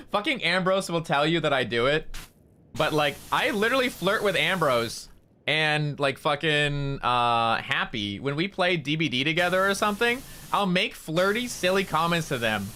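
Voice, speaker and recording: A young male streamer with a bright, forward voice, talking to his chat while he plays. He rambles from joke to joke and swears freely, with a faint hum of game sound and noise behind him. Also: a little high, sing-song, unhurried, rough recording. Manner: rambling, profane and joking.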